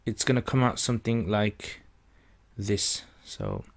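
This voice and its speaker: Slow, patient male reading teacher. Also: fairly low pitch, wildly swooping pitch, vocal fry. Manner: patient, repeats syllables and stretches vowels for learners. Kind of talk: slow step-by-step lesson.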